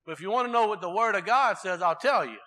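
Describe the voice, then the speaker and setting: Bright high-voiced man preaching. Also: animated, fast. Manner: conversational preaching with rhetorical questions to the congregation. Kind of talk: sermon.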